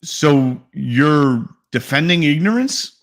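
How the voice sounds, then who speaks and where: A man co-hosting a podcast in casual, argumentative chat, blunt and free with profanity. His voice sits a little high for a man. He presses his points emphatically. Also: expressive, slow pace. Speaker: podcast co-host.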